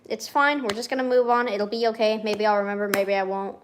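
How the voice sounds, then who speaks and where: A young adult woman streamer in casual chat, reading aloud from her old journal with excitable rambling and frequent swearing. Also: medium pitch, a little fast, few pauses, slight background noise.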